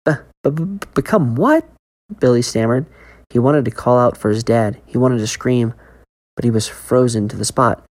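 A woman with a remarkably deep voice narrates a scripted horror story, holding a steady, measured storytelling pace throughout.

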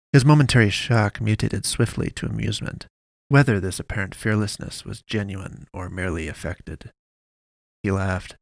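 A man narrates a dark story in a steady, measured reading. His voice sits low with a gravelly, creaky texture. The recording is dry and close, with no room sound. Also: dry recording.

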